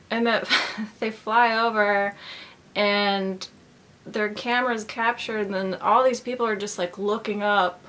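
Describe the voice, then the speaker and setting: A woman vlogger talks in a loose, rambling monologue, dropping "like" into her sentences. Her voice is bright and a little sharp. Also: mid-range voice, fairly even intonation, unhurried. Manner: rambling, full of "like".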